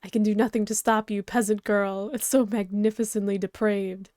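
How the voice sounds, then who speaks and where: A woman's voice: mid-range voice, level tone, normal speed, dark tone, no room sound, studio quality, lightly acted. A woman voicing a prim, snobbish and very strong male troll aristocrat, haughty and formal, reading a webcomic aloud. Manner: haughty, fussy, formal wording.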